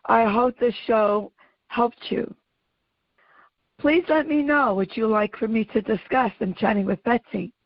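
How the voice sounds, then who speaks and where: A woman hosting her own audio show, giving an earnest, emphatic motivational talk in a slow, deliberate way. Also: fairly high pitch, dry recording. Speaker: podcast host. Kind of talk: motivational monologue. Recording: dull lo-fi audio.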